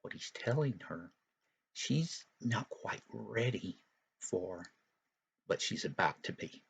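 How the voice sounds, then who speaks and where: Male Sunday school teacher, low, gravelly voice, folksy storyteller who explains as he goes. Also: animated, slow, a little hiss or hum. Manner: folksy and explanatory, with frequent asides. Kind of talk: retelling a Bible story for young children.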